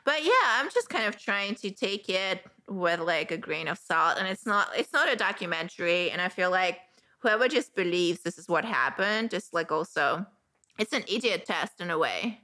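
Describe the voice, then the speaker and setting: A woman's voice: fairly low pitch, animated, moderate pace, pushed and bright. A woman with a German accent hosting a casual interview, giggling often and hesitating with fillers. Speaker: host.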